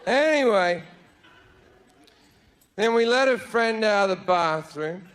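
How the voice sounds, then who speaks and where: A man's voice: sits high, lively intonation, takes it slowly, a bit bright, slight background noise. A man telling a stand-up comedy story to a laughing audience in a brash, profane, self-mocking way.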